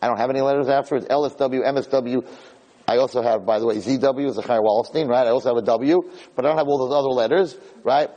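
A man, a rabbi, giving a lecture as an animated storyteller who acts out voices. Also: medium pitch, fast, dull audio.

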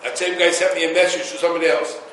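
Male rabbi, high and emphatic, distant mic in a booming room. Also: very fast, a little hiss or hum. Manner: emphatic, animated storytelling with Hebrew and Yiddish terms. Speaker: rabbi giving a Torah class. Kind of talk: Torah lecture with stories. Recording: echoey room, voice from far off.

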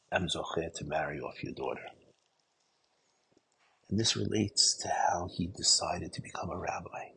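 Gravelly deep-voiced man telling a story. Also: a little hiss or hum, rough recording. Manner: earnest, turns hushed at emotional moments. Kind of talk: storytelling sermon.

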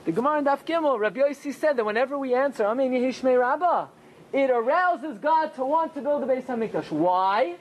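A man teaching a Torah class as a rabbi, often asking rhetorical questions and answering them himself, with pitch that swings high and low for emphasis. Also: lively intonation, brisk. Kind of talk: Torah class with Talmud study.

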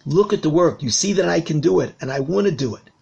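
A man's voice: a little high, lively intonation, fast, gravelly, a little mellow, slightly rough, lo-fi sound, exaggerated voice. A man voicing a guilty goldsmith who pleads earnestly with a king. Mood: pleading.

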